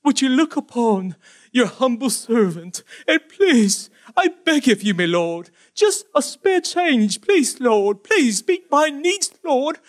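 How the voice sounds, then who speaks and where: A man acting out a groveling beggar pleading desperately in a whiny, very high voice. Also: very animated, slow, heavily acted. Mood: begging.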